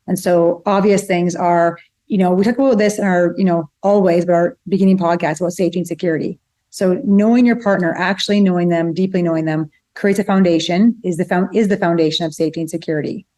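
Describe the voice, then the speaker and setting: A middle-aged woman co-hosting a relationship podcast in casual conversation, chatty and quick to retell family stories. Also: on the low side, warm tone. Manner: fast, chatty, retells stories acting out both sides. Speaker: podcast co-host, relationship psychologist.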